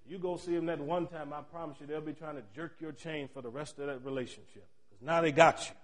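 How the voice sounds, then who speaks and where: A middle-aged male pastor giving a sermon. He tells stories in a chatty way, and his loudness swings from shouting to near murmurs. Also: a little high, fairly even intonation, fairly quick. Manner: storytelling, with chatty asides.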